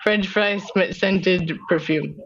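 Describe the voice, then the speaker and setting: A woman's voice: on the low side, slow. A woman hosting a podcast in casual chat, giggling often and swearing freely as she rambles. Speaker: podcast host. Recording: muffled lo-fi recording.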